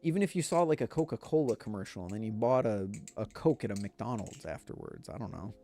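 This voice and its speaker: A man's voice: on the low side, animated, brisk, gravelly, dark tone, faint music behind. A man chatting casually on a live stream, rambling in a laid-back way and speaking straight to his viewers. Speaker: livestreamer.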